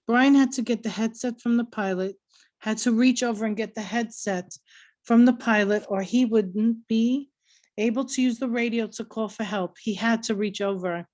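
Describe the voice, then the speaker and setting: A woman's voice: a little high, moderate pace, darkish tone. Woman reading a novel aloud. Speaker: reader.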